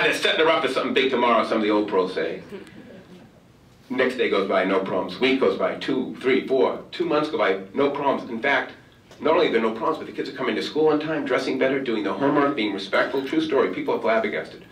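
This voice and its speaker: A man's voice: mid-range voice, expressive, fast. A man giving a motivational keynote, telling a humorous story and acting out the dialogue. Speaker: keynote speaker. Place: large conference hall. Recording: roomy hall, far from mic.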